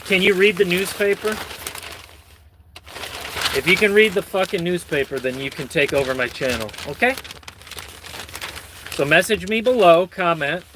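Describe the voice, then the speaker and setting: A man's voice: sits high, animated, moderate pace, pauses often, very noisy. A man hosting his own channel, reading news stories with rambling, sardonic and profane commentary. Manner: rambling, sardonic, swears a lot. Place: lives in Michigan.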